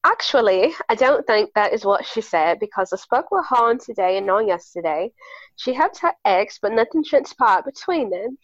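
A woman reading out a French woman's email in an exaggerated mock-British accent, pitched higher than her usual voice. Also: expressive, rapid-fire, hardly any pauses, no echo, dull audio, close to an everyday voice. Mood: mock-haughty.

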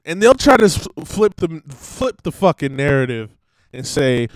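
A man's voice: fairly high pitch, big pitch swings, unhurried, no echo, low-quality recording. A man on a one-man stream, ranting bluntly and profanely in rambling asides that he breaks up with laughs.

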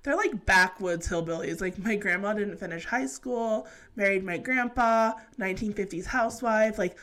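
A woman's voice: mid-range voice, normal speed, fairly bright tone. A young woman from California, co-hosting a podcast in casual chat, chatty and laughing often as she tells stories. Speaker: podcast co-host.

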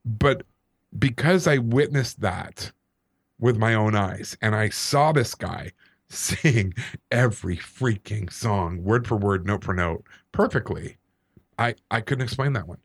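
Man, low voice, animated self-deprecating storyteller, dry close mic. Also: takes it slowly, husky, no room sound. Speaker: podcast co-host. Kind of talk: casual storytelling.

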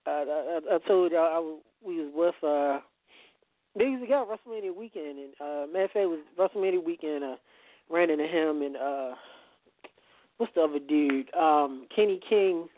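A man's voice: fairly high pitch, normal speed, no room sound. A man as a podcast guest in casual chat, rambling and repeating words as he goes. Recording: tinny phone-like line.

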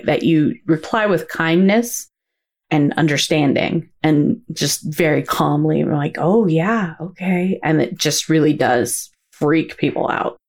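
Low-voiced woman, earnest and reflective. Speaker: podcast co-host. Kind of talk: casual chat.

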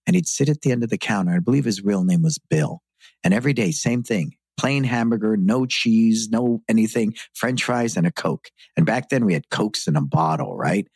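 Podcast guest: middle-aged man, low husky voice, earnest reflective storyteller, dry sound. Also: expressive, moderate pace, darkish tone, dry recording. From San Francisco. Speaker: guest, martial arts school owner. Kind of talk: podcast interview.

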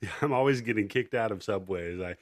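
Joking low-voiced man hosting a podcast. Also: fast talker, dry recording, clean studio sound. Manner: joking, crude banter. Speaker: podcast host. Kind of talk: casual podcast chat. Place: online chat room call.

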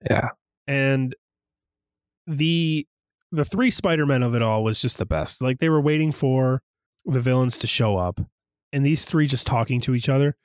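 A young man co-hosting a casual podcast, excitedly retelling movie scenes and jumping into high voices for quotes. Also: moderate pace, no echo, clean studio sound. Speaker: podcast co-host.

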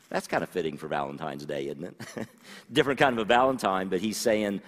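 A man's voice: low-pitched, brisk, a bit bright, big-room sound. A man preaching a sermon, reading scripture aloud and then explaining it to his congregation. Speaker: pastor.

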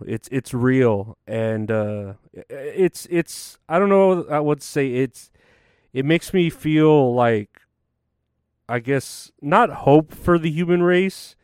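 A man's voice: mid-range voice, clean tone, no room sound, studio quality. A young man rambling casually to camera, tired and yawning, full of fillers and restarts. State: sleepy, yawning. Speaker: vlogger.

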